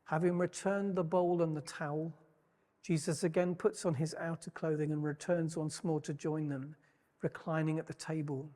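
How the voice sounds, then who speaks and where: A man preaching a sermon, retelling a story in a measured, reflective way with wry asides. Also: fairly high pitch, flat delivery, mellow. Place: church hall. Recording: long church reverb.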